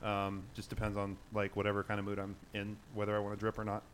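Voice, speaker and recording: A man's voice: fairly low pitch, completely flat delivery, quick pace, slight background noise. A man hosting a casual podcast, chatting and rambling about video games with friends, laughing often. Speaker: podcast host. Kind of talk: casual gaming chat among friends.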